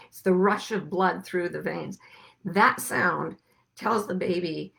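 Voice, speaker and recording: A middle-aged woman hosting a reflective spiritual talk, speaking gently and musing, slowing down to stress her points. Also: on the low side, gravelly. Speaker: podcast host and life coach.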